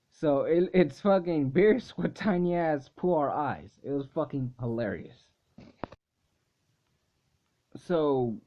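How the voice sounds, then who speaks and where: A young man casually recapping an anime episode in a rambling way, full of swearing and filler words. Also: medium pitch. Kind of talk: casual video review recap. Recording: dull lo-fi recording.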